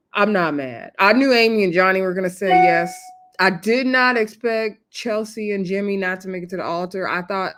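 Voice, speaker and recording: A woman reviewing a reality show on her channel in casual chat, expressive and slangy. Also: mid-range voice. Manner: chatty and expressive, drops into slang and acts out quotes. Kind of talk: casual recap chat to camera. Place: home setup with a ring light.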